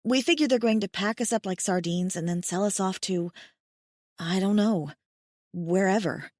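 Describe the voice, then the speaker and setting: A woman's voice: medium pitch, normal speed, darkish tone, no echo, studio quality, lightly acted. A woman reading the part of a blunt, wry young farm-raised woman in an audiobook, frank and darkly joking. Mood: matter-of-fact. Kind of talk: audiobook character voice.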